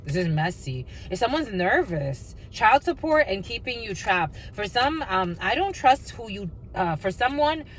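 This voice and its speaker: A woman's voice: mid-range voice, a little hiss or hum, rough recording. A woman doing a casual tarot energy reading, blunt and profane, with sing-song asides and mocking voices.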